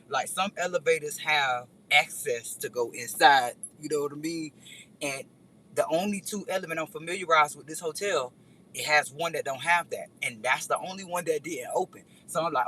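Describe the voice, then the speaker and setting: A woman's voice: sits low, a little hiss or hum, rough recording. A woman vlogger telling a rambling story in a casual chat, speaking straight to her viewers. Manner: animated, rambling, addresses viewers directly.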